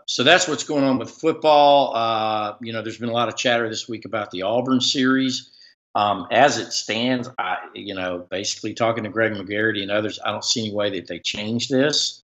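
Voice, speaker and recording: A man's voice: fairly low pitch, sharp tone, highs cut off. A man hosting a casual live-stream chat as a sports reporter, rambling with many fillers and restarts.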